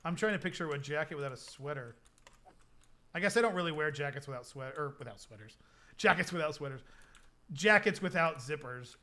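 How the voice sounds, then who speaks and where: A man's voice: a little high, expressive, fairly quick, bright, forceful tone. A young man chatting casually with his stream chat, rambling with lots of fillers. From United States.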